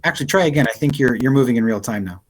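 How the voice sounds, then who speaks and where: A man's voice: medium pitch, lively intonation, racing, a little hiss or hum, rough recording. A man narrating as game master of an online tabletop game, describing scenes with frequent fillers and restarts. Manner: descriptive, hesitant with many fillers.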